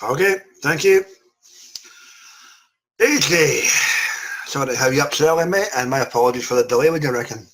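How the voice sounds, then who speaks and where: Bright-voiced jokey male podcast host. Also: mid-range voice, brisk, long pauses, poor audio. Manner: jokey, rambling with fillers. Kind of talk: casual podcast chat.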